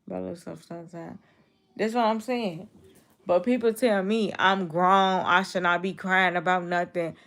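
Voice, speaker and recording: A young woman from Chicago is streaming live and answering her chat as she goes. Her voice sits a little low and has a gravelly, fried edge, which viewers keep mistaking for a cold. She talks to her viewers directly, in a casual, unscripted way. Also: steady tone, normal speed, fairly bright tone. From Chicago, USA. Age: 20s. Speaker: livestreamer.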